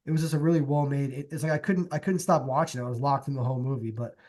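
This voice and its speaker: A young man co-hosting a podcast, chatting casually about movies and music in a relaxed, rambling way with plenty of fillers. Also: medium pitch, rapid-fire. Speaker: podcast co-host. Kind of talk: casual chat.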